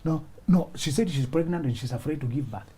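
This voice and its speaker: A man's voice: a little high, a little fast, warm tone, breathy edge. A man hosting a relationship talk show, giving advice in a preachy, repetitive way and often laughing as he acts out little scenes. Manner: preachy, repeats points for emphasis.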